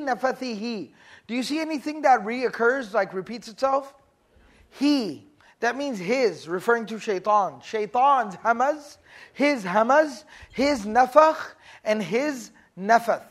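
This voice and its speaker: A man teaching a class in a relaxed, conversational way. He asks the group questions and slips into acted-out stories to make his points. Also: very high voice. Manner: casual, asks the audience questions, acts out stories. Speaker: religious teacher. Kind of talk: Islamic lecture to a class.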